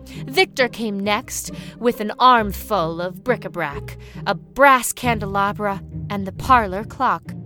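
A woman narrating a children's storybook in a measured, expressive way. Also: medium pitch, soft background music. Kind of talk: storybook reading.

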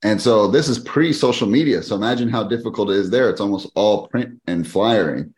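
A man with a very low, deep voice tells a story as a podcast guest. He keeps the story moving quickly and animatedly, and he is middle-aged. His tone is casual and conversational. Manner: animated, fast-paced storyteller who acts out quoted people. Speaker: podcast guest, fitness business owner.

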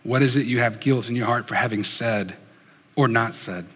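Earnest male preacher in a reverberant hall. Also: mid-range voice. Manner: earnest, dropping soft and slow for emphasis. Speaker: pastor. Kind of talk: sermon.

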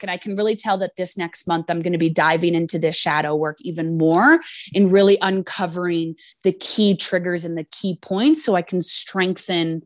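A woman's voice: fairly low pitch, no room sound, clean studio sound. A woman co-hosting a podcast, talking in a reflective, earnest and loosely phrased way in casual chat. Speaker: podcast co-host.

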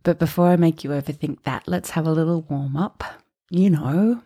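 A woman's voice: sits low, moderate pace, mellow, slightly rough. A woman teaching singing on a podcast, playful and encouraging, dropping into sung demonstrations. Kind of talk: podcast vocal lesson.

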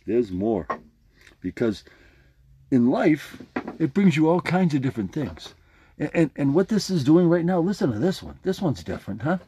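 A man's voice: a little high, very animated, normal speed, mellow, slight background noise. A man hosting his own podcast, talking casually and playfully while demonstrating a jaw harp with a motivational message. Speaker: podcast host. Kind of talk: casual motivational vlog talk.

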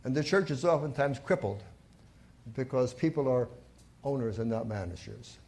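A man's voice: mid-range voice, normal speed, darkish tone. A man preaching a sermon in a church, telling stories and stressing key points with rising emphasis. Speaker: pastor.

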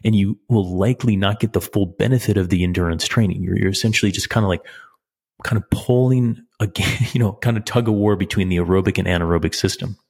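Low-voiced man coaching on a podcast. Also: fast talker, vocal fry, husky. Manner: relaxed, explanatory, frequent restarts and small laughs. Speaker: cycling coach, podcast host. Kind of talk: casual podcast talk answering a listener question.

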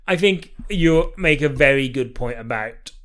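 A man's voice: mid-range voice, expressive, a bit bright. Easygoing laughing male podcast host. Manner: easygoing and quick to laugh, many "um"s. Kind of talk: casual film-review chat.

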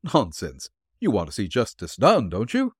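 A man's voice: on the low side, normal speed, slightly rough, no echo, clean studio sound, exaggerated voice. A man playing a shrewd courteous detective. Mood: calm, firm. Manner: calm, firm and polite.

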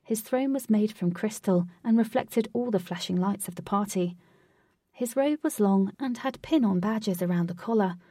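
Woman storyteller, calm read, mellow and slightly husky; dry, distant mic. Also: mid-range voice, normal speed, no room sound. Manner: calm, steady reading. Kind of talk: storybook narration.

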